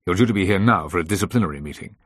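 A man's voice: low voice, racing, dry recording, clean studio sound. A man reading an audiobook voicing a stern senior boss who speaks formally and firmly, with barely hidden anger. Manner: formal, firm and clipped.

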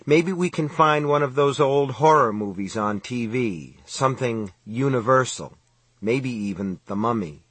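A bitter imaginary male reverend talks slowly, in a voice a little higher than the narration, as a male narrator puts him on. The sound is husky and close. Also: fairly bright tone, no room sound.

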